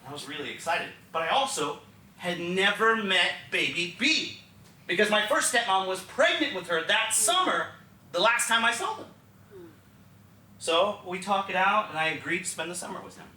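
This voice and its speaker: A young man from Texas tells his life story on stage in a one-man show, his voice high, bright and lively as he confides in the audience. It is caught from a distance in a roomy theatre, with faint noise behind. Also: moderate pace. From Texas, USA. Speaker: solo stage performer.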